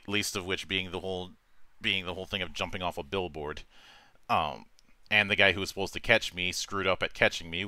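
A deep-voiced man hosts a relaxed chat, his low tone edged with a bright, forceful ring. He rambles, restarts his sentences and chuckles often. The sound is dry and close, with no room echo. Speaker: host. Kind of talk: casual chat.

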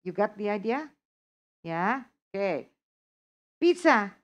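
A woman's voice: mid-range voice, animated, slow. A woman teaching an English test prep class, often checking that her students follow. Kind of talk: live online lesson.

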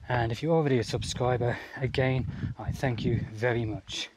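A man from Australia talks through his camping pack at a middle pitch, easygoing and practical, with the odd restart as he explains. He sounds like a regular host walking viewers through his own gear. A faint hiss of noise sits under his voice. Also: fairly even intonation, moderate pace, few pauses. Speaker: outdoor gear channel host. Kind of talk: casual gear demonstration vlog.

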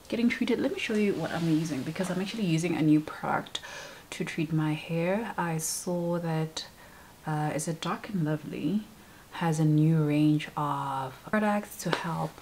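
Young woman vlogging about books, low voice, chatty w/ lots of "like", faint hum behind. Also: a little mellow, rough recording. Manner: chatty, acts out quoted lines with many fillers. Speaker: book vlogger. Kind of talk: casual chat.

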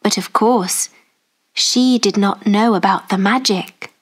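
A woman narrating a children's story slowly and carefully for English learners. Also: medium pitch. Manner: slow, careful, clearly spoken.

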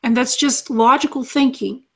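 A woman channeling as an alien being, calmly teaching and repeating her lessons as numbered lists. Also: high-pitched, normal speed, breathy edge.

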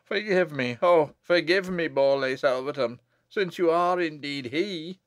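A man's voice: medium pitch, steady tone, unhurried, a bit bright, clean tone, no room sound, natural voice. A man reading as a frightened abbot who begs forgiveness in an audiobook. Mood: pleading. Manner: pleading, sobbing. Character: guilt-stricken old abbot, pleading and fearful, male.

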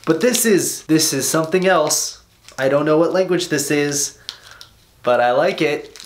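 An excitable young man with a slightly high voice, swearing casually and laughing often as he opens fan mail. He is recorded in an echoey bedroom with faint background noise. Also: unhurried. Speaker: vlogger. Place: bedroom at home.

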